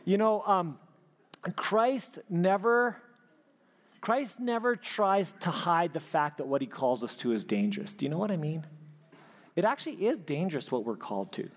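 A man preaching a sermon, telling a personal story with animated delivery and frequent restarts. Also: sits high, moderate pace. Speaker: pastor. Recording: hall reverb.

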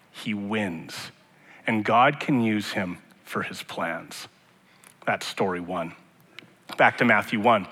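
A male pastor delivers a sermon, mixing scripture with casual jokes. His voice is bright and forceful. A long reverb from the sanctuary trails each phrase. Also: mid-range voice. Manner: conversational, joking asides. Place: church sanctuary.

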